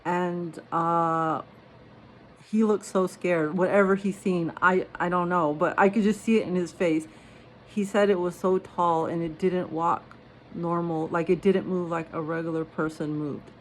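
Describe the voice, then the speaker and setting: A young woman speaking English as a second language tells eerie personal stories in a loose, rambling way, with plenty of fillers. Her voice sits a little low, and a faint hiss runs under the recording. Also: steady tone, unhurried. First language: not English. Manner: rambling, many fillers and "you know". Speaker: storyteller. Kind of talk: casual personal storytelling.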